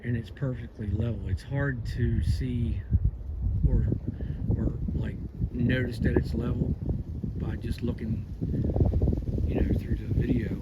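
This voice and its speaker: Outdoor vlogger, male, rambling and apologetic, handheld phone mic buried in loud wind noise. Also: mid-range voice. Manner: rambling, apologetic, self-questioning. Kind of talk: casual walking commentary. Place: outdoors in woods.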